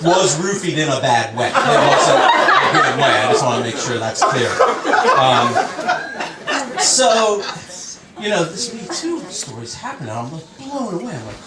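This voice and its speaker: A man on a comedy club stage, talking a little high with a bouncy, animated delivery as he acts out his stories. The sound is roomy and set back from the mic. A packed crowd laughs loudly throughout. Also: unhurried, far from the mic. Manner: conversational storytelling, acts out quotes. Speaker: stand-up comedian. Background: audience laughter.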